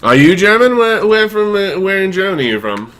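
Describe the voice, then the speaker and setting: A middle-aged man hosting a call-in show, explaining things patiently in a relaxed way with fillers. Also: sits high, fairly quick. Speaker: radio show host. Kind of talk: casual call-in chat.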